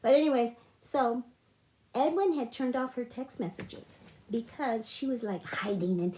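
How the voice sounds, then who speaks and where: A woman's voice: high-pitched, lively intonation, moderate pace, mellow, a little hiss or hum. Emotional woman retelling a family story. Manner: emotional, repetitive retelling with restarts. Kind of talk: personal story monologue. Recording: echoey room.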